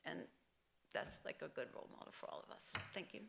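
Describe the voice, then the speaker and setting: A woman's voice: fast talker, background noise. A woman telling a story about her father at his funeral, quoting family members along the way. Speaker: family member giving a eulogy. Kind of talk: funeral eulogy.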